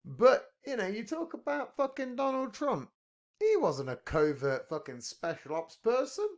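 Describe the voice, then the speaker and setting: A man's voice: very high voice, huge pitch swings, a little slow. A man in casual podcast chat, rambling and profane, joking a lot. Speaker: podcast talker.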